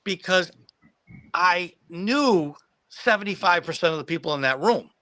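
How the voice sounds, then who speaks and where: A man recounts old memories in a loose, meandering way, stumbling over his starts and chuckling along. His voice is bright and forceful. The sound is dry and close. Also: high-pitched, animated, a little slow, no room sound. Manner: rambling, many restarts, laughs at own story. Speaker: guest who acted as a child extra. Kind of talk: casual anecdote on a live stream.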